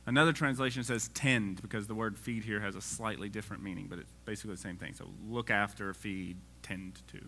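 A man's voice: fairly low pitch, fairly even intonation, fairly quick, gravelly, hardly any pauses, bright, forceful tone, slight background noise. A man preaching a casual sermon, reading scripture aloud and joking with the congregation.

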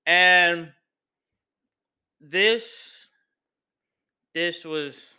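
A man hosts his podcast with a loose, excitable recap of a wrestling match. He swears constantly and leans hard on casual slang. His voice sits high and rings very bright and cutting. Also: very slow, smooth. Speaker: podcast host.

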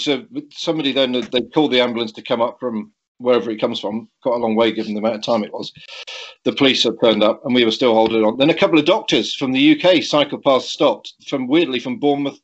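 A middle-aged man telling a story in a conversational way, hesitant and full of restarts, often chuckling. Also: medium pitch. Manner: halting, with frequent restarts and chuckles. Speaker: guest recounting a cycling accident. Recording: dull lo-fi recording.

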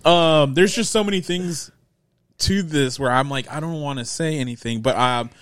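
A man's voice: a little high, normal speed, a bit bright, no echo. A man co-hosting a casual movie podcast, loose and laughing, often stumbling and restarting his sentences. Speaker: podcast co-host. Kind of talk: casual movie review chat.

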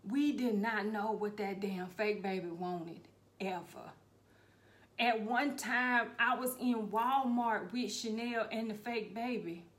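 A middle-aged woman telling a comic family story, profane and animated, with sudden loud bursts. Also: medium pitch, slow. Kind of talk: comedic storytelling.

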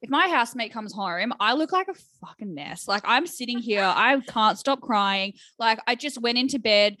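A woman's voice: fairly high pitch, lively intonation, normal speed, pushed and bright, dry recording, studio quality. A young woman co-hosting a podcast, telling a story in a chatty, self-mocking way. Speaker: podcast co-host. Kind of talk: casual chat.

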